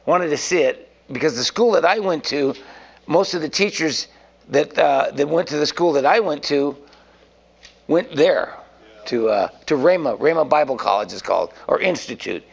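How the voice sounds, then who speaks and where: A man's voice: a little high, animated, moderate pace, vocal fry, husky. A man preaching an informal sermon in a rambling, folksy way, often restarting his sentences.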